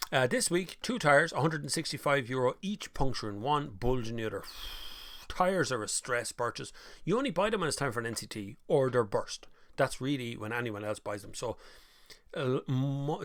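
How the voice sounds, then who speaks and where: A man's voice: medium pitch, a bit bright, no room sound, clean studio sound. A man with an Irish accent hosting a live stream, chatting casually and reading out viewer comments, with mocking voices when he quotes people.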